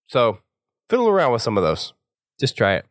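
A man hosting a casual game walkthrough, chatty and relaxed, laughing often, his voice still recovering. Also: medium pitch, brisk, no room sound, studio quality. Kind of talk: casual gameplay commentary.

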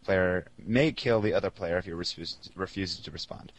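A young man with a slightly low voice chatting on a casual podcast. He rambles, giggles a lot and reads listener messages aloud through a headset. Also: moderate pace, rough recording. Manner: giggly, rambling, laughs often. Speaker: podcast co-host. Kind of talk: casual podcast chat, reading listener mail.

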